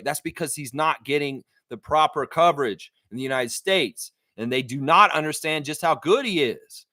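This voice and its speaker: Blunt animated man ranting on a stream. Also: on the high side, normal speed, hardly any pauses, no echo. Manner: blunt, animated ranting, reads chat aloud. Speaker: livestream host. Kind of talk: live sports chat stream.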